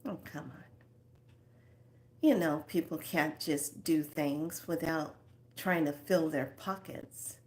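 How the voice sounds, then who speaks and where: Female host, slow unhurried delivery, lower voice, casual spiritual talk with quiet asides. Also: steady tone. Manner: slow, rambling, with soft asides.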